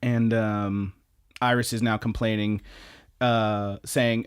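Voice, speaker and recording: A man's voice: on the low side, level tone, slow, clean tone. A man co-hosting a podcast, recapping anime episodes in a rambling, profane casual chat full of fillers and restarts. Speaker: podcast co-host.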